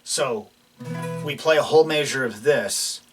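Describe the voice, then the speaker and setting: A man with a medium-pitched voice speaks unhurriedly from far off the mic while a guitar plays behind him. He's giving a relaxed, casual guitar lesson, explaining loosely as he plays, with lots of fillers and restarts.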